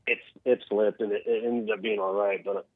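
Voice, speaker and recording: A man's voice: lowish voice, flat delivery, normal speed, no echo. A man calling in to a show, rambling casually and acting out voices in his stories. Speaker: caller. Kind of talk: casual call-in chat. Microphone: phone line. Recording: tinny phone line.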